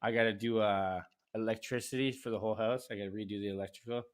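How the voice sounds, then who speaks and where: A man from Canada chatting casually as a podcast host, rambling and animated, laughing often. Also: on the low side, quick pace. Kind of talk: casual chat.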